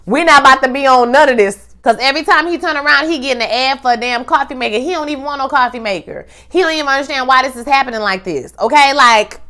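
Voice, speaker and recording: Animated woman recapping a TV episode. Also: high-pitched, quick pace, hardly any pauses. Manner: animated, acts out characters' lines, slangy asides. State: pregnant. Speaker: TV recap host.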